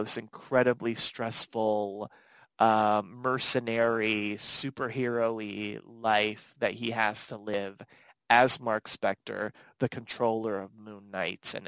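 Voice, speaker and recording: A man's voice: mid-range voice, fairly bright tone, dry recording, rough recording. A man co-hosting a podcast in casual chat, thinking aloud and hedging his theories. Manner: thoughtful, speculative, hedging. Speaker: podcast co-host.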